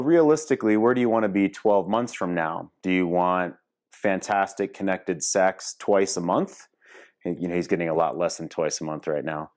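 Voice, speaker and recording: A middle-aged man with a somewhat low voice talks straight to his audience as a relationship coach. His delivery is relaxed and candid, salted with swearing and quick laughs. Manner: candid and profane, laughs easily. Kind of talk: casual talk to camera.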